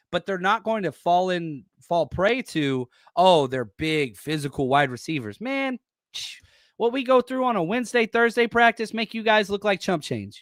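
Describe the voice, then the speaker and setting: A man hosting a podcast in a blunt, salty, casual style, reading chat and getting loud and fired up at times. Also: fairly high pitch, dry recording, clean studio sound. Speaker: podcast host and former coach. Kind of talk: casual solo football preview reading live chat.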